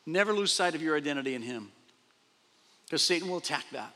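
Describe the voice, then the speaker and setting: A man pastor preaching a sermon, animated, repeating phrases and acting out quoted speech. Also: a little high, fast. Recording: long reverb of a large hall.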